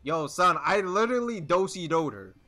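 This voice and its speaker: Excitable young man commentating his gameplay. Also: high voice, moderate pace, soft background music. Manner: excitable, swearing, laughing, trash-talking. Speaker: gaming streamer.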